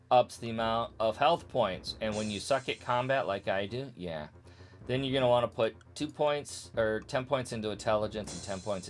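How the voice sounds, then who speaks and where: A man streaming a retro game, joking casually and skipping the game's text with strings of blah blah and meow. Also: lowish voice. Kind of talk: casual let's-play commentary.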